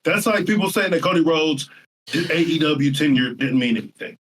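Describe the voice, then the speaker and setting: A man's voice: on the high side, animated, normal speed, fairly bright tone. Dry, contrarian man with a faint hiss. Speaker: podcast co-host. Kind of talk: casual debate.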